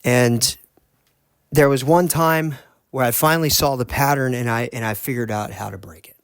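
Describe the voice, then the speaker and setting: A man hosting a podcast, earnestly telling a personal story in a halting way, often restarting his sentences. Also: medium pitch, creaky, clear, resonant tone, no room sound. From United States. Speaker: podcast host.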